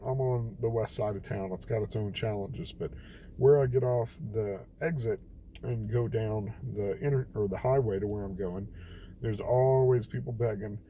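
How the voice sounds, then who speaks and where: A man's voice: lowish voice, moderate pace, warm tone, a little hiss or hum, poor audio. A young man telling a rambling, self-deprecating story late at night, tired and quoting others as he goes. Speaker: vlogger.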